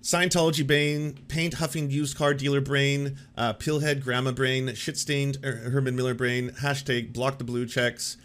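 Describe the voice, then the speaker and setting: A man's voice: mid-range voice, little pitch movement, moderate pace, hardly any pauses, fairly bright tone. A man hosting an online commentary show, riffing sarcastically with profanity and frequent laughter. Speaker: host. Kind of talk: casual commentary.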